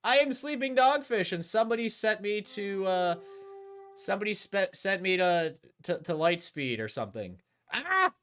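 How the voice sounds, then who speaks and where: Brief: a man doing a loud, over-the-top hyped streamer, lively swooping pitch. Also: normal speed, soft background music. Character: hyped, goofy male streamer impression. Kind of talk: streamer doing a comic impression.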